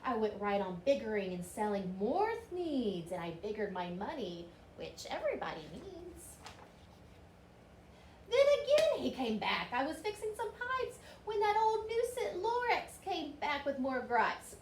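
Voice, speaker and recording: A woman reading a rhyming storybook aloud with a rhythmic, expressive delivery. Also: sits high, a little slow. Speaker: reader. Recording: roomy with faint hiss.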